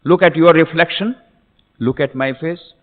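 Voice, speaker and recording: A monk giving a talk puts on a big lion, pitched high and loud as it bosses a timid cub around. It booms insistent exclamations, with a long echo trailing behind. The sound is thin and phone-like. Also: male voice, normal speed, lightly acted. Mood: commanding. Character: big bold male lion, scolding and commanding. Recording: tinny, echoey lecture hall.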